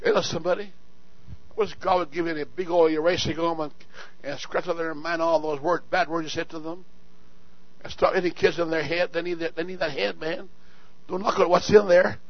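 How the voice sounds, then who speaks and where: A male pastor delivers a sermon in a high, lifted voice, dropping low for asides, then shouting calls to the congregation and hammering on repeated words. The sound is dry and close, with a slightly dull, muffled tone. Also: fairly even intonation, brisk, no echo. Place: church sanctuary.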